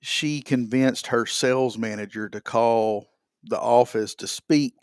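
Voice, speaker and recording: A man's voice: medium pitch, measured pace, smooth, dry recording, studio quality. A middle-aged man co-hosting a morning show, chatting in an easygoing, wry way. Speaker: radio show co-host. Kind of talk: casual chat.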